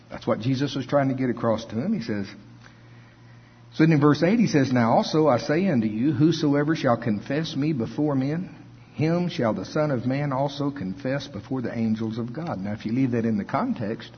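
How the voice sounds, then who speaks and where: A man's voice: mid-range voice, a little hiss or hum. A male preacher giving a conversational sermon, reading scripture aloud and chuckling between his points. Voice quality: husky. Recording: dull lo-fi recording.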